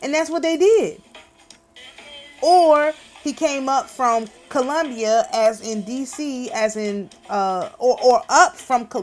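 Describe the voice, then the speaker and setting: High-voiced woman ranting indignantly. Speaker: channel host. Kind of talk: casual vlog commentary.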